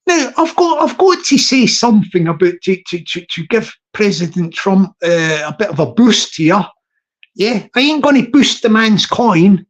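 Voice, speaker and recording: A man's voice: very high voice, poor audio. A man with a London accent hosting a casual livestream, rambling and chuckling as he chats. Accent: London English. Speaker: livestream host.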